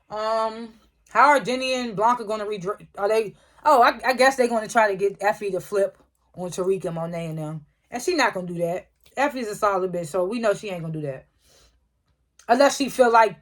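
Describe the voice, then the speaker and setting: A woman giving a casual, slangy recap and review of a TV episode, swearing often. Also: medium pitch. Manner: animated retelling, frequent swearing, slangy. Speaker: TV show reviewer.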